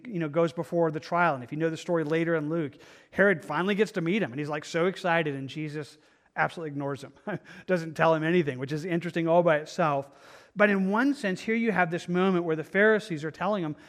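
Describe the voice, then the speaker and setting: A man's voice: high voice, a bit bright. A man teaching a Bible study in a conversational way. He is earnest, thinks aloud as he goes, and often restarts his sentences.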